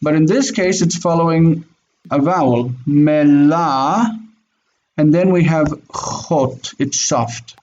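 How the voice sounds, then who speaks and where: A man's voice: on the high side, moderate pace, darkish tone. A man teaching Hebrew in an online class, patiently explaining and affirming students with frequent "mm-hmm"s. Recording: dull lo-fi audio with faint noise.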